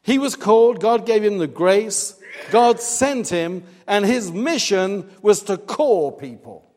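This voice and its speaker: A man delivers a sermon, earnest and emphatic. His voice sits a little high for a man. A long reverb from the church hall trails after each phrase. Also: expressive, slow pace. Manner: earnest, emphatic, rising to loud stress on key points. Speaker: preacher.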